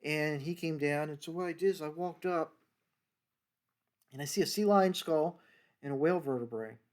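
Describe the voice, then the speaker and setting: A man's voice: fairly high pitch, moderate pace, a little mellow. An older American man, a former federal wildlife agent, casually telling rambling stories from his career and acting out the dialogue. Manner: rambling, acts out dialogue in quoted voices. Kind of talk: casual storytelling monologue.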